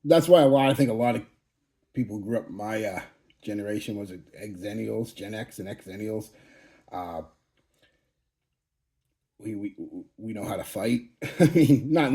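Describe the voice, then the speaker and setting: In a lowish, slightly mellow voice, the fragrance channel host talks casually to his viewers in a channel update monologue. He's a man in his forties, profane and blunt, who rambles and keeps restarting his sentences.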